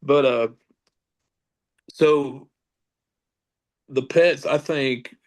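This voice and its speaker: A man's voice: mid-range voice, fairly even intonation, very slow. A middle-aged man, a paranormal investigator, telling a casual story with many fillers and restarts.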